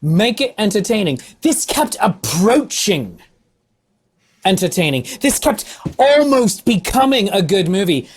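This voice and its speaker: Woman, husky, animated pitch, theatrical ranting, sarcastic, casual film review chat. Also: unhurried. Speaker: film review podcast co-host; actor.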